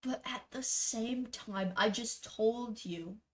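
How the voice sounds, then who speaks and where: A woman's voice: on the high side, slow pace. A young woman telling a personal story in a casual vlog, rambling and blunt, with lots of fillers and swearing. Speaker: vlogger.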